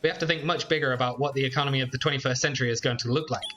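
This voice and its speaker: A man's voice: medium pitch, fairly even intonation, very fast, pushed and bright, soft background music, natural voice. A man reading as an earnest male presidential candidate. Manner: plain earnest reading, no accent put on.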